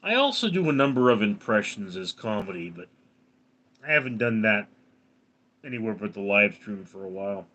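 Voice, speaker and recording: A man hosts a casual live stream, reading his viewers' comments aloud and replying to each one. His voice is round and resonant, with a bright, forward edge. His pitch swings freely as he talks. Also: very animated, normal speed, lo-fi sound. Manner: reads viewer comments aloud and answers them.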